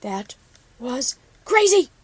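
A woman's voice: high voice, expressive, normal speed, dry recording, voice pushed up. A woman voicing a protective female pony friend who scolds with urgency, in a storybook reading. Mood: scolding.

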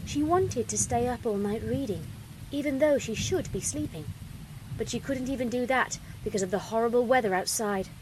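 A woman reading a fan story aloud as the narrator, with expressive delivery. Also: a little high, normal speed, noisy background.

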